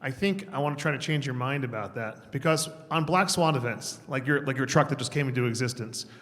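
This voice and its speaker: A man's voice: medium pitch, brisk, fairly bright tone. Man questioning from a conference audience. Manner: polite but argumentative, self-correcting. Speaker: audience member asking a question. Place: large conference hall. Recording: hall reverb.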